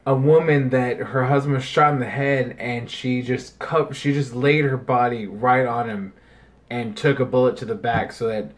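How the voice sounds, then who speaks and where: A man's voice: medium pitch, normal speed. Rambling man chatting on a podcast. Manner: rambling, animated, swears freely. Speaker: podcast co-host. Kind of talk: casual chat.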